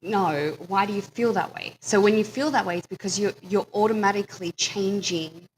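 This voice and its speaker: A woman's voice: mid-range voice, normal speed, slight background noise, rough recording. Questioning woman co-host on talk radio. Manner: probing, asks short why-questions. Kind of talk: casual spiritual talk.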